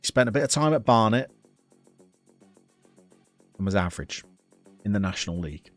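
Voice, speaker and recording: A man's voice: on the low side, animated, moderate pace, faint music behind. A man giving chatty, playful live commentary on a football management game as he streams it, talking to the players and to his chat.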